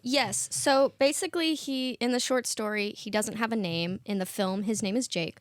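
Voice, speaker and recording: A woman co-hosting a podcast in casual chat, animated and often laughing. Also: on the high side, normal speed, dry recording, studio quality. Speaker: podcast co-host.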